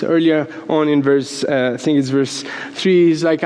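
A man preaching a sermon in an animated way, laughing as he acts out quotes and often repeating words. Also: on the high side, normal speed, few pauses. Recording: long hall reverb.

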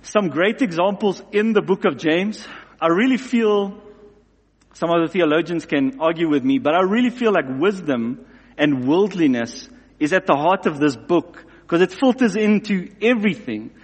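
A man preaching a sermon in an animated way, acting out both sides of everyday scenes. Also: high voice, normal speed, breathy edge. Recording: long hall reverb.

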